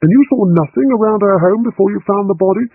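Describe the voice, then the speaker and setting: A man's voice: high voice, fast, breathy edge, dry recording, pitched above the performer's own voice. A man reading an audiobook, voicing an earnest middle-aged male writer who asks things eagerly and anxiously. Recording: tinny phone-like line.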